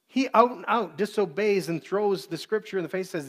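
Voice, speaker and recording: A man's voice: high-pitched, animated, moderate pace, few pauses. Earnest man preaching a sermon. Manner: earnest, acts out quoted voices. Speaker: pastor.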